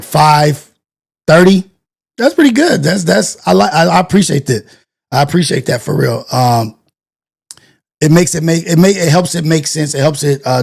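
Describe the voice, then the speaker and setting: Male stream host, slightly high voice, loose thinking-aloud chat with restarts. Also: gravelly, darkish tone. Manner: rambling, thinks aloud, self-correcting. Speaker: live-stream show host. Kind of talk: casual live-stream chat.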